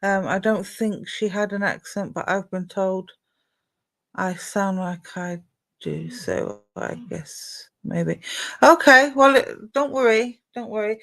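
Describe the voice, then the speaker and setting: Woman medium doing a live stream reading, gentle and reassuring, keeps calling people my darling. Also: medium pitch, animated, slow. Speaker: psychic medium.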